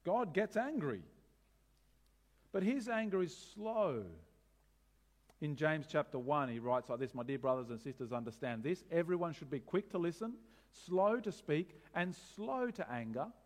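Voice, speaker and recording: Lively male preacher. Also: fairly high pitch, a little slow. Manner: animated, rhetorical questions, wry humor. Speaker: pastor. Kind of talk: sermon.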